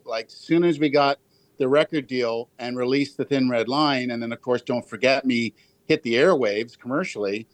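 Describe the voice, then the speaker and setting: A man's voice: medium pitch, no echo. Middle-aged ontario guy, musician guest rambling through old stories, dry close sound. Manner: chatty, fast storytelling with restarts. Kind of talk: interview.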